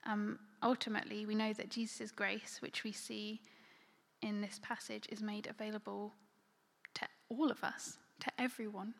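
A woman's voice: medium pitch, flat delivery, moderate pace, gravelly, long reverb tail. A woman preaching a sermon in a conversational, filler-heavy way, often dropping to a near-whisper. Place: church hall.

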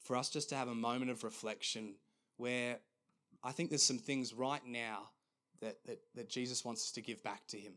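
Male pastor, mid-range voice, earnest sermon with halting restarts. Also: medium pitch, fairly even intonation, bright, forceful tone.

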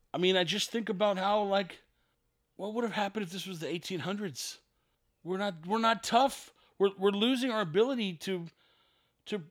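A man's voice: high-pitched, fairly bright tone, no echo, studio quality. A man hosting a solo podcast, ranting in a sarcastic, exasperated way and repeating himself for emphasis. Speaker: podcast host.

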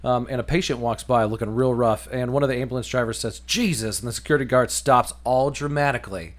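A man's voice: mid-range voice, fast. A man co-hosting a casual movie podcast, recapping scenes loosely with fillers, laughs and swearing. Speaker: podcast co-host.

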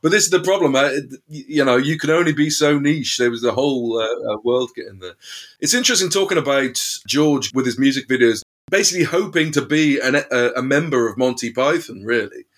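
A man's voice: medium pitch, a little fast, fairly bright tone. A British man co-hosting a podcast, talking casually with many fillers and restarts. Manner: rambling, hesitant, many restarts. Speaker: podcast co-host and author. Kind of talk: casual conversation.

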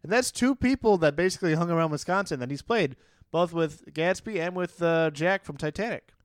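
Smooth, higher-voiced man chatting about a book. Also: fairly quick, dry recording, clean studio sound. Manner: loose and playful, reads excerpts, laughs often. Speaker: podcast co-host discussing a novel. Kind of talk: casual book-club chat.

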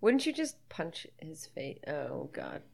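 A woman's voice: sits low, big pitch swings, slow, creaky, husky. A woman co-hosting a podcast, chatting casually about a film as she watches it, laughing often and swearing freely. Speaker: podcast co-host. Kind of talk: casual movie-watching commentary.

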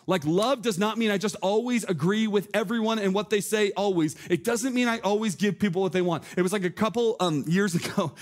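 A male pastor preaching a sermon to his congregation from the church stage. His voice sits a little high for a man. He speaks in an earnest way and often builds to animated emphasis.

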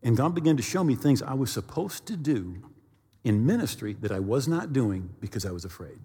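A middle-aged man pastor telling a story in a sermon, animated, with sound effects. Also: medium pitch, fairly quick, slightly rough, long reverb tail.

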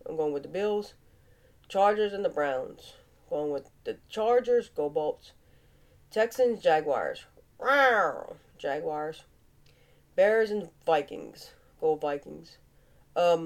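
Speaking slowly in a low, warm voice, a woman with a Cajun accent hosts a casual football picks vlog. She's chatty and playful, tossing in animal noises, and sinus congestion leaves her sounding nasal and stuffed up.

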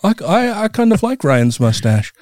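A man's voice: high-pitched, big pitch swings, normal speed, darkish tone, no room sound, studio quality. A middle-aged man hosting a podcast, chatting casually with a laid-back, swearing manner and frequent laughs. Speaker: podcast host.

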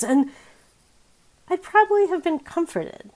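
A woman's voice: big pitch swings, unhurried, long pauses. Wry, candid woman preaching a sermon. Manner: candid, wry, conversational preaching with sharp swings in pitch and loudness.

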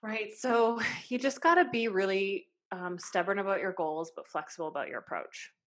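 A woman's voice: medium pitch, normal speed. A woman in her late thirties, a hairstylist and salon owner, telling stories in a chatty, casual way full of "like"s. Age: 30s. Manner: chatty storytelling, many "like"s. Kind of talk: casual podcast chat.

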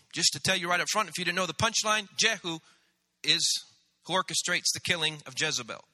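A man pastor preaching a sermon, animated, acting out the voices of biblical figures. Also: high-pitched, moderate pace, long pauses. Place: church sanctuary. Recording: church hall reverb.

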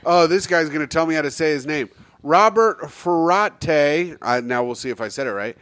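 A man's voice: on the high side, expressive, normal speed, a bit bright, dry recording. A young man hosting a casual podcast, crude and joking as he reads out listener comments. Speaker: podcast host.

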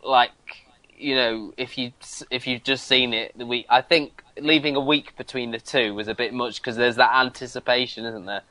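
A man with a mid-pitched voice hosting a casual podcast chat. He speaks slowly and deliberately and leans on "uh" as he gathers his thoughts. The sound is dry and close. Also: steady tone, pushed and bright, no room sound, low-quality recording. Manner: slow and deliberate, lots of "uh" fillers. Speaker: podcast co-host.

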